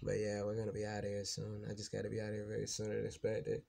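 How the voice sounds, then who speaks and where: Profane rambling man, dark voice. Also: lowish voice, monotone, rapid-fire, vocal fry. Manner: rambling, profane, repeats himself; grows heated and emphatic. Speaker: vlogger. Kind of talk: casual venting monologue.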